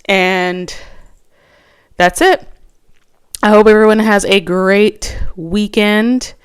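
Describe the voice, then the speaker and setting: A woman's voice: medium pitch, steady tone, very slow, clean tone. A woman host chatting casually and alone about her fantasy football picks, rambling with lots of restarts and fillers. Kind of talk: casual solo chat.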